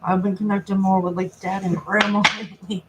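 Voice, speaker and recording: A woman tarot reader on a live stream, talking softly and reflectively as she passes on messages from a spirit. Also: mid-range voice, flat delivery, brisk. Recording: noisy recording with clicks.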